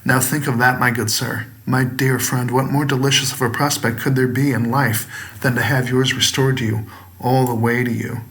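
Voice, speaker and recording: Man reading as small sinister creature servant, calm, polite, coaxing, storybook. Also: medium pitch, moderate pace, close to an everyday voice.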